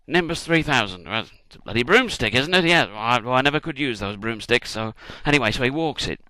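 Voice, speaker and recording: A man vlogging a comic retelling of a story, irreverent and swearing, acting out shouted cheers now and then. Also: mid-range voice, expressive, brisk, dry recording. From United Kingdom.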